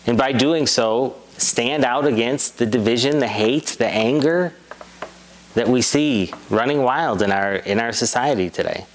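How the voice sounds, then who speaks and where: A man's voice: mid-range voice, rough recording. Earnest man preaching. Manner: earnest, measured preaching with rhetorical repetition. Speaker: priest. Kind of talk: sermon.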